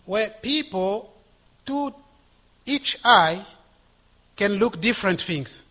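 A man preaching a sermon with passion, swinging from loud exhortation to hushed whispers. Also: high voice, lively intonation, slow pace.

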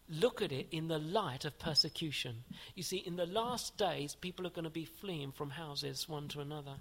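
A man's voice: on the high side, a bit bright. A man preaching a sermon to his congregation, asking earnest rhetorical questions and reading aloud from a commentary.

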